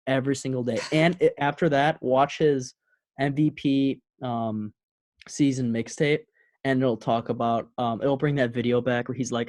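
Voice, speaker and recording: A young man co-hosting a casual sports podcast, earnest and halting, full of ums. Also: medium pitch, fairly even intonation, darkish tone. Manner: earnest, halting, filler-heavy. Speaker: podcast co-host.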